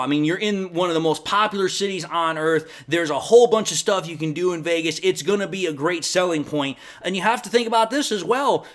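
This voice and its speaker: A man with a fairly high voice talks through his football opinions on his own fan channel. His talk is casual and opinionated, and now and then he trips over his words and restarts. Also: a bit bright. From Detroit Lions fan. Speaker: sports fan channel host. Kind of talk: casual sports commentary vlog.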